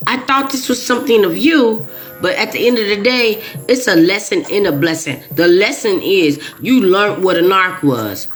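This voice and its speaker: A woman's voice: mid-range voice, lively intonation, moderate pace, soft background music. A woman talking straight to her viewers in a casual monologue. She is emphatic and repeats herself often, with frequent restarts. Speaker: video creator.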